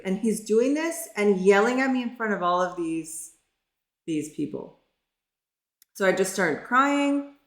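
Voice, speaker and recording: A woman in middle age recounts her own experience in an open, earnest, conversational manner. Her voice sits low, and the sound carries the echo of the room around her. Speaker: pharmacist telling her story. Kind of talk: personal storytelling.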